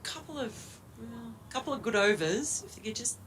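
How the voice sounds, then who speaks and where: A woman's voice: on the high side, animated, moderate pace, slight background noise, rough recording. A young woman giving friendly, conversational live cricket commentary. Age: young adult. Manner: friendly, conversational, warmly appreciative.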